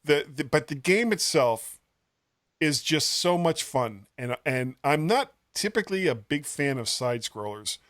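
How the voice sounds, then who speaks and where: A man's voice: a little high, lively intonation, a little slow, a bit bright, dry recording, clean studio sound. A man co-hosting a casual tech podcast, rambling and chuckling as he recommends a game, poking fun at himself. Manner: rambling, chuckling, self-deprecating. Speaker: podcast co-host.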